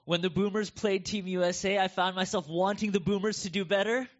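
A middle-aged American pastor with a North American accent preaches a conversational sermon, telling stories with animation. His voice sits high with fairly even intonation and a brisk pace. The recording has a dull, lo-fi sound.

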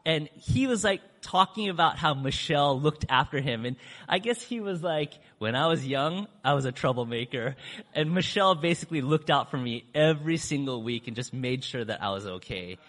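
Animated man telling a story in a hall. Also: brisk. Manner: acts out quoted speech with big pitch swings; chatty, with fillers and restarts. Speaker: church speaker telling a mission story. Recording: long hall reverb.

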